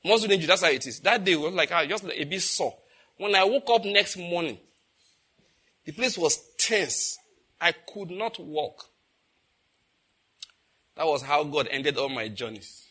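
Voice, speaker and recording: Husky Nigerian preacher telling stories. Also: male voice, a little high, lively intonation, measured pace, pauses often, pushed and bright. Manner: storytelling, asks the audience questions. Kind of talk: sermon.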